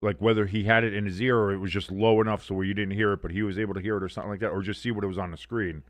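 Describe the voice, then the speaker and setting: A man's voice: on the low side, fairly even intonation, racing, dry recording. A man hosting a live watch-along stream, mixing loose, profane chatter with casual play-by-play. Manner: rambling, profane, conversational. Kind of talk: casual live game commentary.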